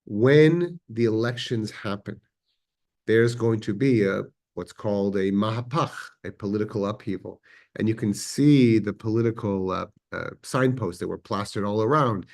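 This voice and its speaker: A man with a fairly low voice teaches a history class in a synagogue classroom. He talks conversationally, pausing on fillers and correcting himself as he goes. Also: a little mellow. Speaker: adult education teacher.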